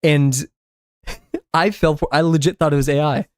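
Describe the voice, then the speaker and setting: A man's voice: fairly high pitch, steady tone, normal speed, dry recording. Rambling man streaming his drawing. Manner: rambling, filler-heavy musing. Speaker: art streamer. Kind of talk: casual chat while drawing.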